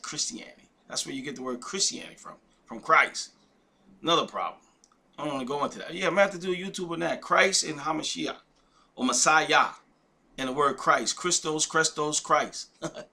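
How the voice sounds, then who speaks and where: A man preaches informally in a bright, forceful voice that sits a little high. He talks emphatically and repeats himself, pressing points with rhetorical questions and offhand asides. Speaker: religious video teacher.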